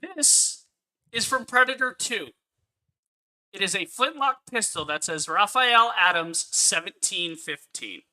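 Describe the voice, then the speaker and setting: A man's voice: sits high, animated, a little slow, bright, forceful tone. A man ranting angrily on a live stream as he reviews a film, swearing often and repeating his points for emphasis. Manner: angry, profane ranting.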